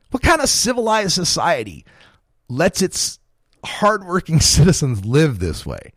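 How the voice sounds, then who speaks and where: A fortysomething talk radio host delivers a heated, profane monologue, his voice swinging widely up and down and sitting a bit high. He breaks into chuckles as he rants. The sound is close and dry, with no room around it. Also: big pitch swings, moderate pace, fairly bright tone, no echo. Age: 40s. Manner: impassioned, profane ranting.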